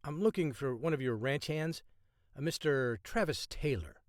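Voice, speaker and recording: A man voicing a calm, guarded male spy who talks in terse, dry replies. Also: fairly high pitch, moderate pace, dry recording, close to an everyday voice.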